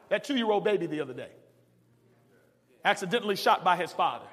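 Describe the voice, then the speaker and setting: Man, preaching, bright ringing tone, long hall reverb. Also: sits high, expressive, a little fast, pauses often. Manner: hollering preacher, swings from quiet to shouting. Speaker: pastor. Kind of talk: sermon. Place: church sanctuary.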